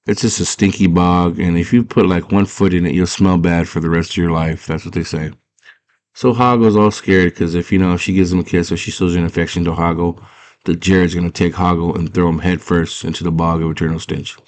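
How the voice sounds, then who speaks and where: A man's voice: low voice, steady tone, brisk, a little mellow, no echo. A man casually retelling a movie plot, rambling and full of filler words. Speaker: storyteller.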